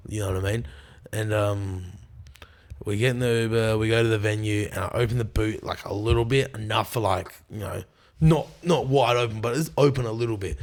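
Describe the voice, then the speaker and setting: A young Australian guest on a podcast tells a rowdy story in casual chat, swearing often. His voice is fairly low, and he slips into quick impressions of his friends, acting out what they said.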